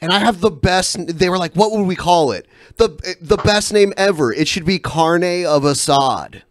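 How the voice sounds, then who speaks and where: A man co-hosting a casual podcast panel chat, rambling and joking with halting restarts. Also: high voice, lively intonation, dry recording, studio quality. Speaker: podcast co-host.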